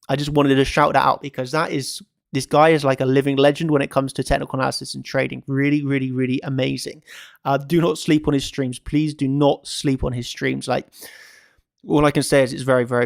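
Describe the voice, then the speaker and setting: Gravelly man giving crypto market commentary. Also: mid-range voice, dry recording, clean studio sound. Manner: emphatic and repetitive, stacking phrases. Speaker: crypto trading channel host. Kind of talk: casual market commentary to camera.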